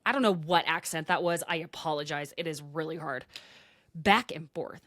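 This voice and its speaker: A woman's voice: sits low, moderate pace, a bit bright, no echo. A young adult woman hosting a podcast, recapping in a casual, dramatic way and dropping into whispered asides. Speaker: podcast host.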